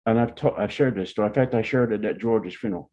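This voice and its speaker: A man's voice: on the low side, fast talker, mellow. An older man, a family elder, telling meandering personal stories to his relatives. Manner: rambling, meandering anecdotes. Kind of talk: storytelling to family. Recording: dull lo-fi sound.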